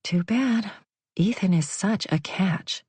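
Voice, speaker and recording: A woman voicing a brisk young friend who gushes but lacks sympathy. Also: medium pitch, a little mellow, slightly rough, dry recording.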